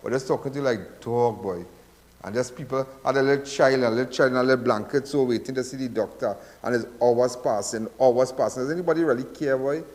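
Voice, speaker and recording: A man's voice: medium pitch, fast, a little mellow, in a large hall. Rambling Trinidadian man hosting call-in show. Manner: rambling, repetitive, preachy. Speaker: call-in crime show host. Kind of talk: live call-in radio talk.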